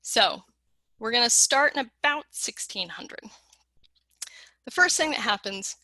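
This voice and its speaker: A middle-aged woman delivers a conference keynote lecture in a bright, ringing voice pitched a little high. She moves quickly and playfully, acting out the lines she quotes. The sound is dry and close. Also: animated, no room sound. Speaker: keynote speaker.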